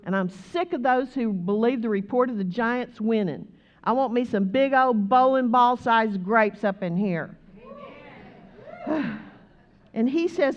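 A woman preaching a sermon, moving from conversational talk to loud, rhythmic exhortation. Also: a little high, a little slow, highs cut off.

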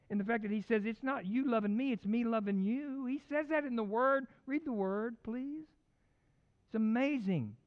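A middle-aged male pastor preaching with a high, lively voice and plenty of folksy, conversational asides. The recording is slightly dull and lo-fi. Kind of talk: sermon. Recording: dull lo-fi sound.

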